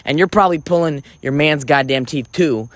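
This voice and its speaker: A vlogger with a fairly high-pitched male voice rambles through a comic monologue at a moderate pace, with no room sound. He's theatrical and profane, often breaking off mid-thought and starting over.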